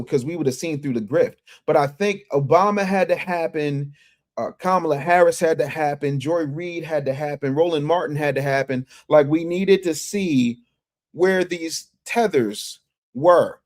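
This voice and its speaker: A man hosting a casual livestream, reading viewer chats and commenting in an animated, emphatic way that repeats phrases and restarts often. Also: on the high side. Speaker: livestream news commentary host.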